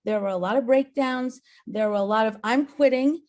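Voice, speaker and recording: A woman's voice: medium pitch, brisk, a little mellow. A woman and agency owner giving an earnest, emphatic motivational talk on a company call, often checking in with "right?". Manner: emphatic, earnest, tag questions.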